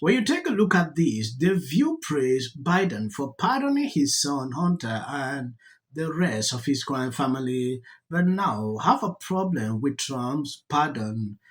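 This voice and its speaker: A narrator gives scripted political commentary at a slow, deliberate pace. The pitch moves around a lot, rising and falling across each line. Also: sing-song.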